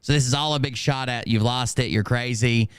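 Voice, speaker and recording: Dry, smooth-voiced man commenting on clips. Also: mid-range voice, brisk, dry recording. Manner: mocking, repeats and explains played clips. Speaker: commentary host. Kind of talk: live-stream commentary on clips.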